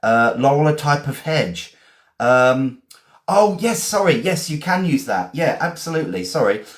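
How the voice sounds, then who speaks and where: A man's voice: fairly high pitch, sing-song, a little slow. A man from England, teaching vocabulary on a live stream, spelling words out and praising learners. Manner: encouraging, repeats and spells words. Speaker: English teacher.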